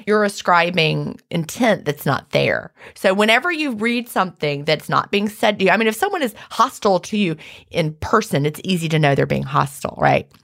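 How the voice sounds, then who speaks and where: A woman in a relaxed talk, drawing on her own experience. She speaks reflectively and sums things up as simple, practical rules. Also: on the low side, moderate pace, gravelly. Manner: reflective, advice-giving. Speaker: former online group moderator. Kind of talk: casual chat.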